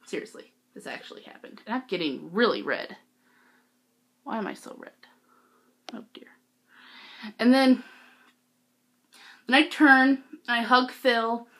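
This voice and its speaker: A teenage girl vlogging, telling a story casually, giggly and excitable with lots of "like". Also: on the high side, slow pace, long pauses.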